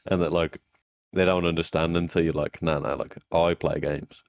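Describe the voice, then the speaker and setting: A young man with an extremely deep voice chats on a podcast. He is blunt and sweary and tells stories by acting out what people said. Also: little pitch movement, normal speed. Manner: blunt, swearing, storytelling with acted-out quotes. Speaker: podcast co-host. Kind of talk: casual chat.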